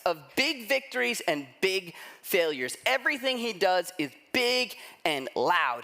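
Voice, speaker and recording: A man delivers a sermon in a high, bright voice. He retells the story conversationally and slips into the voices of the people he quotes. His tone stays lively and personable. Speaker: pastor.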